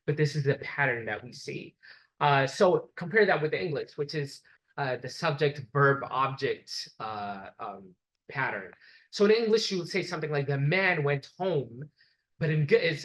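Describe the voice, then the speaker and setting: A man's voice: mid-range voice, fairly bright tone, poor audio. A man giving a classroom lecture, explaining step by step and repeating examples so the class can follow.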